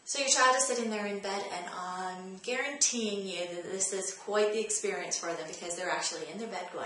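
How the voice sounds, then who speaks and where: A woman's voice: medium pitch, brisk, hardly any pauses, bright, forceful tone, a little hiss or hum. Woman in a very echoey room. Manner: direct, coaching, repeats key phrases. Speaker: parenting advice host. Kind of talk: parenting tips vlog. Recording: very echoey room, faint ambience.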